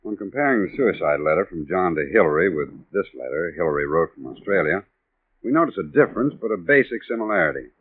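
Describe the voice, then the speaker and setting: An actor playing a matter-of-fact police sergeant giving a dry, factual report in a vintage radio drama. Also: male voice, sits low, sing-song, fast talker, husky, dry recording, full character voice. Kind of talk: 1940s radio acting. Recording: tinny, dry old radio broadcast.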